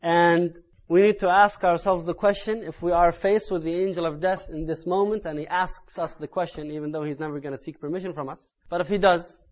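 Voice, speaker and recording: A man delivering an Islamic sermon in an earnest tone that builds to loud, urgent emphasis. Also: fairly high pitch, steady tone, fairly quick, highs cut off. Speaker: Islamic preacher.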